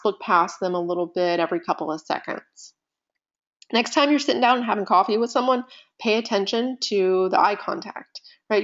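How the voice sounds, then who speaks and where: A woman teaching presentation skills in a live online session, talking conversationally with deliberate pauses and shifting loudness. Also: mid-range voice, highs cut off. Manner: animated, conversational, uses deliberate pauses and vocal dynamics.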